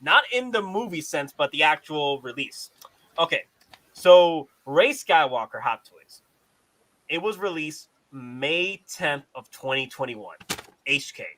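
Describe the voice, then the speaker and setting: Bright, animated male collector host. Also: a little high, a little slow, poor audio. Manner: animated, swears casually, repeats himself. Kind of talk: casual collector chat.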